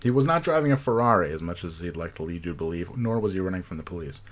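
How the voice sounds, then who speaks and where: A man's voice: low-pitched, animated, rapid-fire. A man hosting a comedy podcast, joking around in loose, profane casual chat. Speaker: podcast host.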